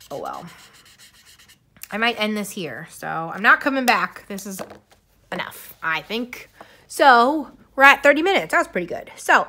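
A young woman YouTuber vlogs casually to camera, rambling and giggling between thoughts. Her voice is lowish yet bright and forceful, though she's coughing and sounds like she's tiring.

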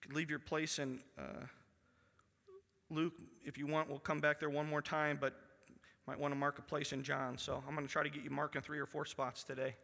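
A pastor preaching a sermon to his congregation. He reads scripture aloud and drops to a hushed voice for emphasis. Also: a little high, little pitch movement, a little fast, vocal fry. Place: church sanctuary. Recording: long church hall reverb.

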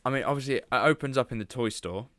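A man's voice: mid-range voice, fast, a bit bright, no echo, clean studio sound. A British man hosting a podcast in casual chat, laughing often and restarting his sentences. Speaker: podcast host.

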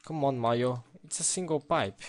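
A man's voice: medium pitch, normal speed. A man giving casual game commentary, playful, exclaiming and talking to himself as he plays. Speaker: let's play gamer.

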